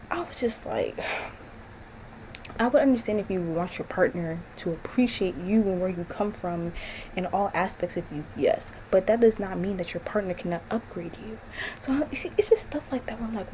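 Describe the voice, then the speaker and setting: A woman rants at her computer at home, animated and exasperated, swearing freely as she talks. Her pitch sits in an ordinary middle range. A faint hum runs behind her. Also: normal speed, poor audio. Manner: animated, profane, exasperated, laughing often. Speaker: vlogger ranting about a TV series. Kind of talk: casual rant to camera.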